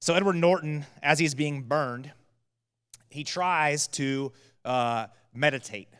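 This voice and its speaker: A man preaching to his church in an easy, conversational way, telling Bible stories with plenty of "uh"s. His voice is a little higher than most and sounds smooth and clear. The sound rings with the long reverb of a church hall. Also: slow, fairly bright tone. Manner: conversational, casual storytelling with frequent fillers. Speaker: teaching pastor. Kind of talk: sermon.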